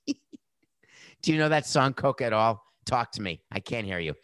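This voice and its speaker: Man, middle-aged, podcast host, sarcastic, blunt, mid-pitched voice, dry close mic. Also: very animated, a little slow, pauses often, fairly bright tone, no room sound. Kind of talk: opinionated commentary.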